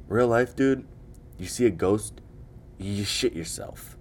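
Speaking slowly and pausing often, a man with a fairly low voice runs a solo comedic podcast. His rant is casual, jokey and full of swearing, and he keeps breaking into mocking impressions.

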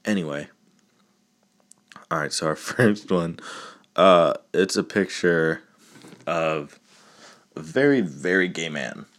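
A man hosts his own podcast alone, riffing casually and cracking crude jokes with frequent laughter. His voice sits low and his pace is unhurried. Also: lively intonation, a bit bright. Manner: crude, joking, laughs often. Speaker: podcast host. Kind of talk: casual solo podcast talk.

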